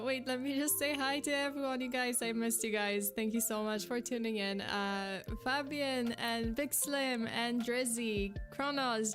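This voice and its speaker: A woman streamer talks in a casual livestream chat, tired and a bit breathless, with a low-energy, easygoing delivery. She greets viewers one by one and laughs now and then as she talks. Faint music plays in the background.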